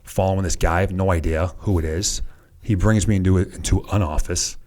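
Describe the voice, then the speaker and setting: A man in his thirties with a Boston accent, a former soldier telling relaxed, self-deprecating stories as a podcast guest. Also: deep voice, fairly quick. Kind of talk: casual storytelling interview.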